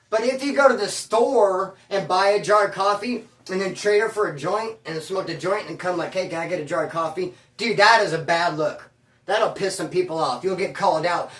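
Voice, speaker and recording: A man's voice: high-pitched, fairly bright tone, far from the mic. Man, ex-con storyteller, streetwise and slangy, recorded a bit off-mic in an echoey room. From California. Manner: slangy, streetwise, peppers talk with bro and dude. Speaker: former prisoner telling stories. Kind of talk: casual storytelling monologue.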